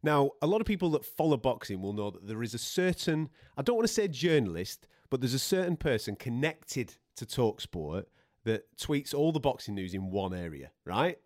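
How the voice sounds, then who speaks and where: A man's voice: medium pitch, very animated, moderate pace, a little mellow, dry recording, studio quality. A man hosting a boxing podcast, telling stories in a chatty way, laughing often and swearing freely. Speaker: boxing podcast host and radio presenter. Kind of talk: casual banter and storytelling.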